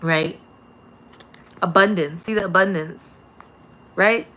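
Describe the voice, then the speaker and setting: Bright-voiced woman giving a rambling spiritual message. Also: lowish voice, slow. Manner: rambling, repetitive, laughs often, swears. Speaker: spiritual channel reader. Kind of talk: casual spiritual message to viewers.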